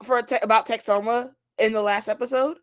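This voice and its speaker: A woman co-hosting a casual sports podcast, ranting in an animated, exasperated way and swearing freely. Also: on the high side, brisk, no echo. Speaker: podcast co-host.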